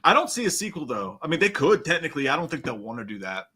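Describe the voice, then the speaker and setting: A man co-hosts a loose livestream chat, talking quickly in a rambling, profane way. His voice is bright and a little sharp, and he laughs often as he reacts to viewer messages. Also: on the high side, sing-song, husky. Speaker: co-host reading viewer messages.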